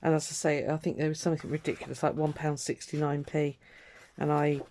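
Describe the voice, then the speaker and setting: A woman's voice: deep voice, little pitch movement, a little fast, warm tone, a little hiss or hum. A woman vlogging her crafting in casual, rambling chat, trailing off and restarting her thoughts with lots of ums. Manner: rambling, chatty, self-interrupting with ums.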